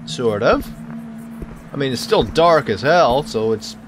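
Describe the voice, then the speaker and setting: A man's voice: mid-range voice, expressive, takes it slowly, over music. A man giving jokey let's-play commentary, talking back to the game and stuttering when startled. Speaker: gaming channel host.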